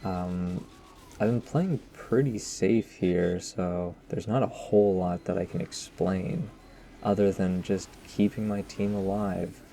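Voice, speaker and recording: A man talks through his own match in loose, rambling post-game commentary, full of self-mocking jokes and asides to his viewers. His voice sits fairly low with a mellow, dark tone, and a faint hiss lies underneath. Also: fairly even intonation, slow pace, vocal fry. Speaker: gaming commentator.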